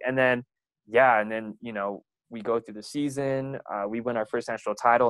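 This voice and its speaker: A man's voice: mid-range voice, no room sound, rough recording. Chatty young guy, dry close sound. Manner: rambling, lots of "like" and laughter. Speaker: runner. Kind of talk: casual storytelling.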